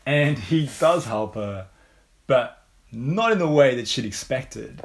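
A man with an English accent preaching a sermon, unhurried and measured, leaning on rhetorical questions. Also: medium pitch, expressive, gravelly. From England.

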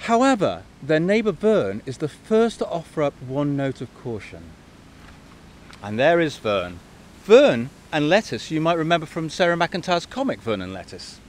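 A man's voice: fairly high pitch, normal speed, a little hiss or hum. A man reading a children's picture book aloud with enthusiastic commentary. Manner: lively, enthusiastic, expressive. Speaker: bookshop reader.

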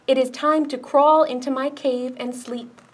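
A woman voicing a sleepy, gently grumbling female bear in a children's picture book read-aloud. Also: sits high, steady tone, a little slow, slightly rough.

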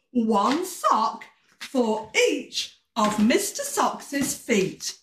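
A woman reading a storybook aloud to children in an animated, sing-song way, with gasps and sound effects. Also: fairly high pitch, drawn-out words, echoey room, recorded from a distance.

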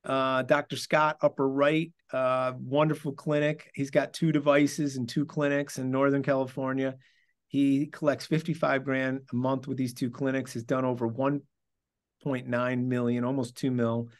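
A man's voice: medium pitch, level tone, moderate pace. A man giving a casual presentation as a trainer for a clinic device, hesitant with many fillers as he runs through figures.

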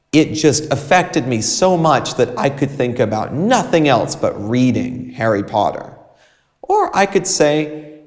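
A male teacher presents a recorded English writing lecture with an animated, swooping voice. He uses dramatic pauses and shifts of emphasis to keep things expressive. The sound carries a long, hall-like reverb. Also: medium pitch. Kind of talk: video lecture.

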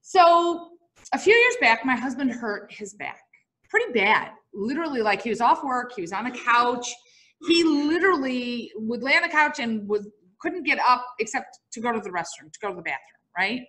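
A middle-aged woman teacher giving a classroom lecture, telling a story and quizzing her students in a lively, bouncy way. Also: a little high, normal speed.

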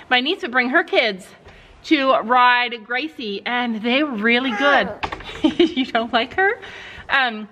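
A woman's voice: sits high, sharp tone. An older woman, a grandmother, chatting casually in a vlog while walking around her farm, switching into baby talk for a toddler and the animals. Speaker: vlogger. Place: outdoors at a farm and barn.

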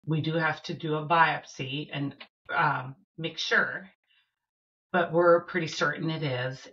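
Woman, low pitch, middle-aged, earnest halting storytelling, slightly muffled recording. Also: pushed and bright. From Minnesota. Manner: earnest, halting, with fillers and restarts. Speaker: podcast guest. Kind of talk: personal storytelling in an interview.

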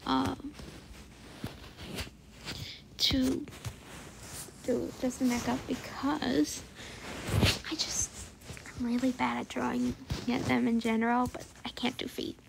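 High-voiced woman with heavy vocal fry, hesitant casual drawing narration, noisy home recording. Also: level tone, slow, long pauses. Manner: hesitant, many fillers, often drops to a soft whisper. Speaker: drawing channel host.

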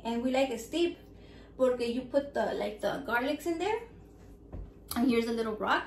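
A woman, vlogging casually, loud and profane and mixing with Spanish. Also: on the high side, expressive, normal speed. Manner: loud, profane and playful, switching between English and Spanish. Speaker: vlogger running a raffle. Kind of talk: casual vlog chat. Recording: echoey room with faint background noise.

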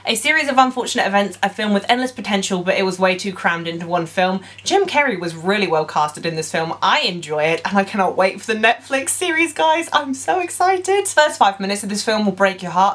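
A young woman film vlogger talks casually about movies, gushing with enthusiasm and playful sarcasm. Her voice is lowish and a bit bright.

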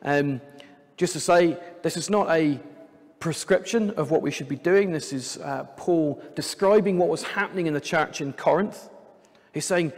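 A man preaching a sermon in a church, his voice a touch higher than usual for a man. He talks in a conversational way and slips in light jokes. His words ring out with a long hall reverb. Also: moderate pace, a little mellow. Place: church sanctuary.

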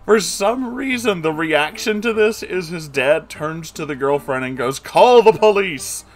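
A man's voice: on the high side, a bit bright. Sarcastic man mocking a book. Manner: sarcastic, profane and exasperated. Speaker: book reading commentator. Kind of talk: comedic book commentary.

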